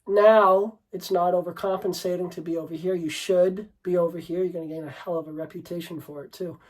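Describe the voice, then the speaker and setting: A man's voice: high voice, steady tone, a little fast, rough recording. A man coaching on dating, talking unscripted to the camera in a brash, swearing, rambling way, and calling the listener bro and dude.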